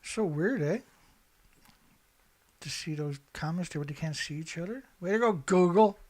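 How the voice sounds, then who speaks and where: A middle-aged man hosting a casual livestream, rambling and chatty, clearing his throat often and swearing now and then. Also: fairly high pitch, normal speed, darkish tone. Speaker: show host.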